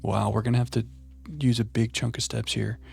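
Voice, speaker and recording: Gravelly-voiced man streaming a game. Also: medium pitch, flat delivery, brisk, darkish tone. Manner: playful, chatting to viewers while musing aloud. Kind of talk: live gameplay commentary.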